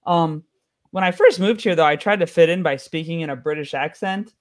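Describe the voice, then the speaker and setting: A man's voice: fairly high pitch, fairly quick. An American man performing a stand-up comedy set with a wry, offhand delivery. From United States.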